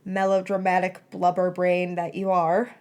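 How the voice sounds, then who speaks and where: A woman's voice: lowish voice, monotone, unhurried, darkish tone. A sulky, tearful teenage witch girl, read by a woman telling a story. She snaps and grumbles in short, cross lines. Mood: bickering.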